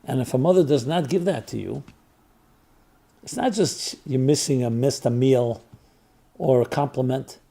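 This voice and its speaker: A man who is a rabbi, telling a story in an earnest reflective talk, repeating phrases in threes for emphasis and dropping soft on tender phrases. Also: medium pitch, normal speed, gravelly, long pauses. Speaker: rabbi and spiritual teacher.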